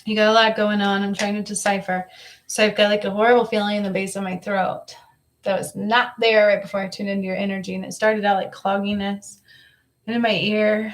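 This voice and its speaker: A woman's voice: mid-range voice, flat delivery, brisk. A woman giving a live psychic reading to a viewer, talking in a coaxing, repetitive way and circling back over the same phrases. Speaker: psychic reader.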